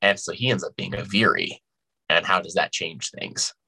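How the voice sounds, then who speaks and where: Husky, bright-voiced man, hesitant chat. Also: normal speed, poor audio. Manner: hesitant, many fillers and restarts, voice jumps high when quoting himself. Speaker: podcast guest, actor. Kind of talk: casual podcast chat.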